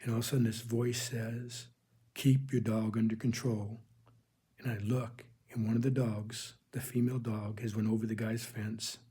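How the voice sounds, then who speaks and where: A man with a husky, somewhat breathy voice tells a spiritual testimony. His tone is dark and mellow, and his delivery is earnest and halting, with frequent restarts as he speaks straight to his listeners as "people". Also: medium pitch, flat delivery. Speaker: religious video host.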